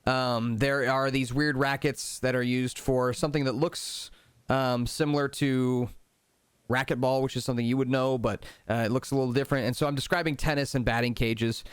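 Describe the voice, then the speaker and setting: A man's voice: mid-range voice, steady tone, moderate pace, clear, resonant tone, dry recording, clean studio sound. A man narrating a tabletop game as game master, in an easygoing, descriptive way.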